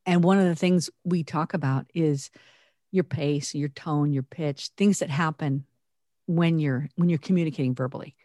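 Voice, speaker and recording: A woman co-hosting a podcast, talking earnestly and reflectively with animated emphasis. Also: sits low, normal speed, no echo, clean studio sound. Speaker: podcast co-host. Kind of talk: conversational podcast talk.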